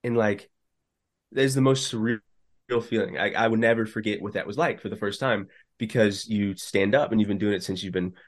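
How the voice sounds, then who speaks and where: A man's voice: on the low side, a little fast. Laid-back man telling his story. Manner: relaxed, filler-heavy storytelling. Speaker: podcast guest, business co-founder. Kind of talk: casual storytelling interview.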